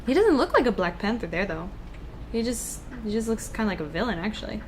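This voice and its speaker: Lively young woman chatting on a livestream. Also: mid-range voice, fast, slight background noise. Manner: animated, reads viewer comments aloud. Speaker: livestream co-host. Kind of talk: casual livestream chat.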